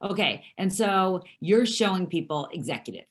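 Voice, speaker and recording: A woman leading a motivational team call, with a voice on the lower side. She backs up her guest and presses each point home with emphasis. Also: sing-song, normal speed. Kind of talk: motivational coaching chat.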